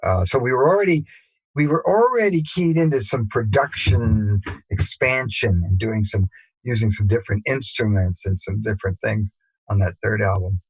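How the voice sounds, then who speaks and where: An older man, a musician guest, telling rambling anecdotes in a relaxed interview, with many fillers and restarts. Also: mid-range voice, slightly rough, no room sound, low-quality recording. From England.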